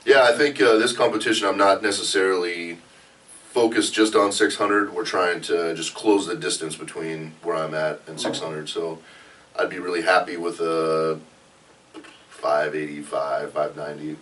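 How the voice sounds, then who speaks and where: A man's voice: deep voice, steady tone, moderate pace, a bit bright, far from the mic. A man, a powerlifter, chatting casually on a podcast in an easygoing way that trails off with fillers. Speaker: powerlifter guest.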